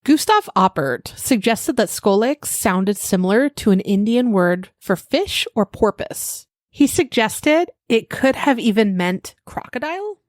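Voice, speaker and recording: A woman's voice: a little high, animated, measured pace, hardly any pauses, no room sound, studio quality. A woman co-hosting a podcast, reacting wryly and reading out research notes in a casual tone. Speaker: podcast co-host.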